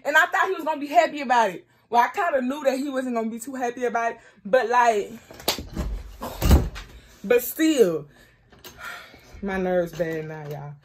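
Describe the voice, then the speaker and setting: Young woman, vlogger, high-pitched, excitable, slangy, exclaiming, casual talk to camera. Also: slight background noise. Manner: excitable, exclaiming, slangy, quick to shout in frustration.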